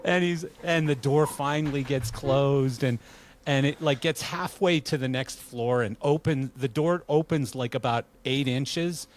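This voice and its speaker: A man's voice: medium pitch, a little slow, a little hiss or hum. Laid-back middle-aged man host. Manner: relaxed, laughing, acts out quoted lines. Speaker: podcast host. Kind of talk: casual storytelling interview.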